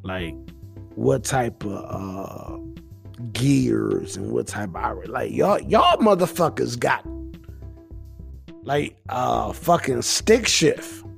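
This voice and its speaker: Tipsy man with a gravelly voice. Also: mid-range voice, expressive, very slow, soft background music. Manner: rambling, profane, laid-back. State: a little intoxicated. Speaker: podcast host. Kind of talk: casual rambling monologue.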